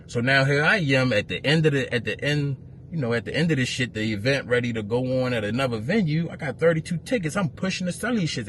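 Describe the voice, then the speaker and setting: A man, an event promoter telling a story to camera as a profane, heated rant that grows louder. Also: mid-range voice, a little hiss or hum.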